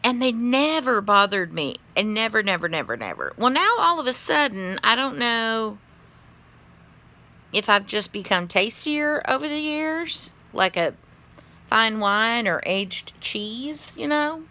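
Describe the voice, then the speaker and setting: Slow and expressive, a somewhat high female voice with a bright, forceful tone comes from a tired middle-aged vlogger. She rambles casually at her phone camera, now and then yawning or letting slip a swear word.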